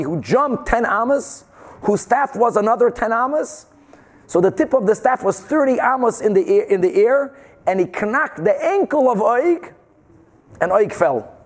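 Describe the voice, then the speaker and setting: A man teaching a Talmud class, explaining the Gemara with animated rhetorical questions and Hebrew and Yiddish terms. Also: sits high. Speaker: Torah teacher.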